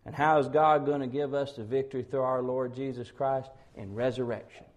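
A man preaching an expository sermon, building to loud, slowed, emphatic peaks on key words. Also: medium pitch, level tone.

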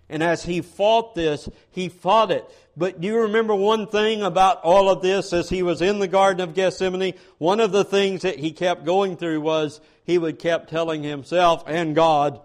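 Man, sermon, high voice, earnest emphasis, repeated phrases, stammered restarts. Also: fairly even intonation, moderate pace, hardly any pauses. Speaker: preacher.

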